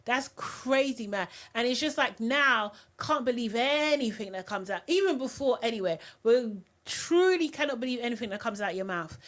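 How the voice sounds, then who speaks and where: A woman hosting a live reality TV recap, talking in an animated, outspoken way. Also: on the high side, moderate pace, few pauses. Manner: animated and outspoken, often mocking voices. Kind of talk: live recap and review chat.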